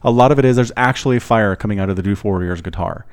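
A man's voice: fairly low pitch, fast talker, darkish tone, smooth. A man in casual podcast chat who tells long, rambling stories full of enthusiastic asides.

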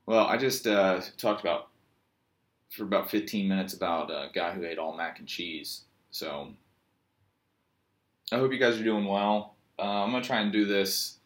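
Deep-voiced rambling man with a Virginian accent. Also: normal speed, fairly bright tone. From Virginia, USA. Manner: joking, meandering, self-mocking storyteller. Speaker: yoga teacher and vlogger. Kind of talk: rambling casual monologue.

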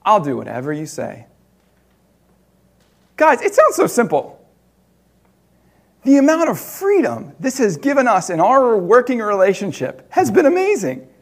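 A man preaching, telling a personal story in an animated way with laughter between loud and hushed moments. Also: extremely high pitch, moderate pace.

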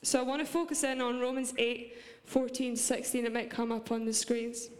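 A woman's voice: a little high, fairly even intonation, normal speed. A young Scottish woman giving an earnest, heartfelt church sermon, now and then breaking into light laughs. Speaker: preacher. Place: large church hall. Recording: long reverb of a church hall.

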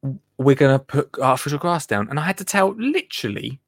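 A man's voice: medium pitch, very animated, a little fast, dry recording, studio quality. A man from England hosting a live show, chatting casually and rambling as he reads out listener comments, laughing often and trailing off into mutters. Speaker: radio show host.

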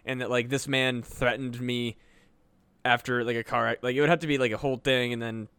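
Podcast guy w a smooth clear voice, halting chatty talk, dry mic. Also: mid-range voice, level tone, a bit bright, no echo. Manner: chatty, halting, laughs mid-thought. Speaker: podcast co-host. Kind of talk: casual chat.

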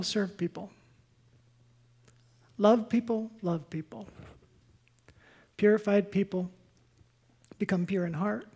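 A woman pastor delivering a sermon in an earnest, emphatic way, dropping to a soft, quiet voice for stories. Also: medium pitch, breathy edge.

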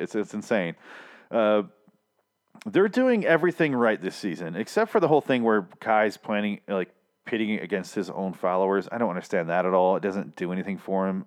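A young man casually recapping a TV episode, swearing freely and acting out the characters' lines. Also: sits low. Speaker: TV recap vlogger.

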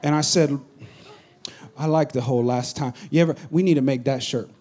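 A pastor preaching a sermon, swinging from loud urgent bursts to low confiding asides. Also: male voice, moderate pace.

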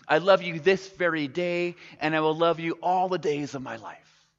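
A man's voice: fairly high pitch, moderate pace, close to an everyday voice. A man speaking as a sweet, reassuring female guinea pig in a story told during a sermon. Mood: tender. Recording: dull recording with long hall reverb.

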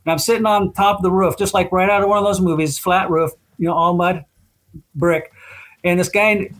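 A man's voice: high voice, steady tone, a little fast, a bit bright. An older man, a guest, telling long rambling anecdotes with lots of fillers and small chuckles. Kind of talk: casual storytelling interview.

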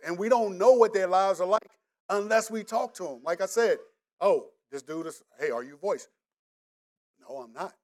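A middle-aged man from the Washington DC area with a local accent, preaching a casual, joking sermon straight to the congregation. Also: sits high. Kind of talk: conversational sermon.

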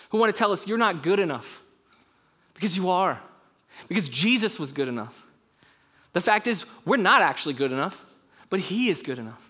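Man, young, high voice, sermon, earnest, conversational preaching. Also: pushed and bright. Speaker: pastor.

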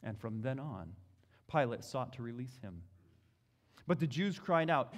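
A man preaching an expository sermon, reading scripture dramatically with emphatic bursts and slow pauses. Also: mid-range voice, animated, long reverb tail.

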